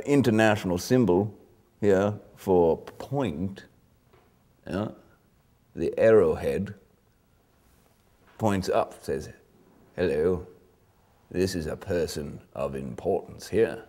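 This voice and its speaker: Actor playing a bluffing old British army sergeant, pompous and rambling; deep voice, slow delivery. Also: male voice, warm tone. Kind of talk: improvised mock interview.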